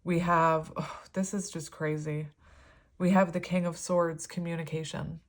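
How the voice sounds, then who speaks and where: A woman's voice: deep voice, little pitch movement, measured pace. A woman giving a casual tarot reading, talking in a rambling, filler-heavy way and easily moved. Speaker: tarot reader.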